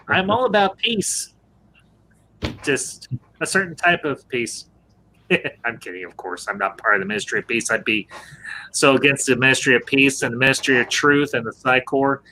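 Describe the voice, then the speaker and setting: Bright-voiced joking male stream host. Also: medium pitch, moderate pace, slight background noise. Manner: joking, laughs often, greets viewers. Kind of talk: casual live-stream chat.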